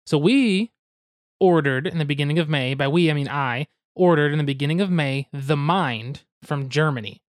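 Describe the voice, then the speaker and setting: A man's voice: a little high, moderate pace, no echo, clean studio sound. A young man hosting a podcast, explaining a card game step by step with goofy asides and hedges. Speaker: podcast host explaining board games.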